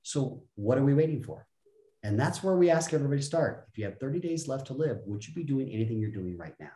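A man's voice: medium pitch, expressive, quick pace, dark tone, roomy sound. A man speaking as a guest on a podcast, blunt and emphatic, often acting out other people's voices to make a point. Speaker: guest, self-help speaker. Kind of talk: energetic podcast conversation.

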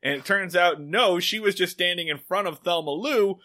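A man's voice: high-pitched, moderate pace, bright, forceful tone. A man in casual comedic podcast chat, sarcastically recapping a TV episode with profane asides. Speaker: podcast co-host.

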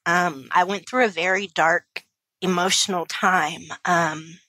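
A woman's voice: lowish voice, steady tone, takes it slowly, bright, forceful tone, no echo. A woman in her thirties, a kindergarten teacher telling her personal story as an interview guest, candid and emotional, with many fillers and restarts. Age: 30s.

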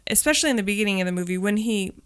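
A woman's voice: mid-range voice, lively intonation, very fast, a bit bright, clean tone, no room sound, studio quality. A woman in her thirties co-hosting a podcast, chatting casually with wry asides and lots of fillers. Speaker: podcast co-host. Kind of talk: casual movie rewatch chat.

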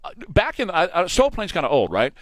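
Animated, opinionated male radio host. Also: high voice, a little fast, no echo. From Texas. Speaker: radio morning show host. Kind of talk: talk radio chat. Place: radio studio. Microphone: studio microphone.

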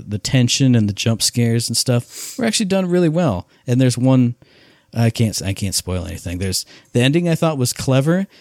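A man's voice: medium pitch, no room sound, clean studio sound. A man co-hosting a casual podcast, telling stories in an enthusiastic, rambling way. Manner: enthusiastic, rambling, animated storytelling. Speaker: podcast co-host. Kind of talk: casual chat.

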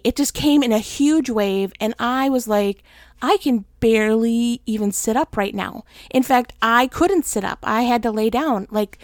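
A woman's voice: fairly high pitch, no room sound, clean studio sound. Candid self-deprecating woman podcaster. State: worn out while recovering. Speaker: podcast host. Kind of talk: personal faith podcast monologue.

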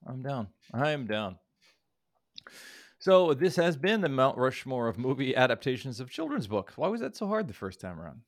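A man hosting a podcast, easygoing and quick to laugh as he moves the talk along. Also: medium pitch, big pitch swings. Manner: laughing, easygoing, moderates turns. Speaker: podcast host. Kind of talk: casual chat.

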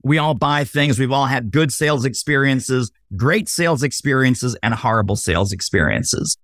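Animated man, lively up-and-down voice. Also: medium pitch, moderate pace, no echo, clean studio sound. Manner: animated, acts out sample dialogue. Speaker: sales expert guest. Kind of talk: podcast interview.

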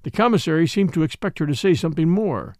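A male narrator reads a classic mystery in an expressive, animated way. His pitch sits slightly high and swings widely, and the recording is close and dry with no room sound. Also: quick pace, dry recording. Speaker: audiobook narrator. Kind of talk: scripted narration.

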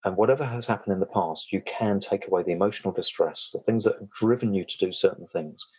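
Deep husky-voiced man, podcast guest. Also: quick pace, no room sound, lo-fi sound. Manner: rambling, frequent restarts, chuckles. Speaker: podcast guest, self-defense and trauma coach. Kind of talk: casual interview chat.

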